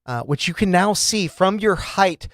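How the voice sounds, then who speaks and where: A young man narrating a tabletop game as dungeon master, slow and deliberate, with frequent fillers. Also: sits high, lively intonation, fairly bright tone, no room sound.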